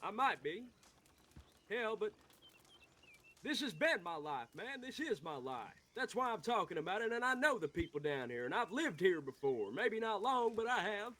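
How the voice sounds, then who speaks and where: Hot-headed young outlaw, played by a man, slightly high voice, heated and rambling. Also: animated, normal speed, a bit bright. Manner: rambling, heated, swearing, restarting words. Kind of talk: Western role-play.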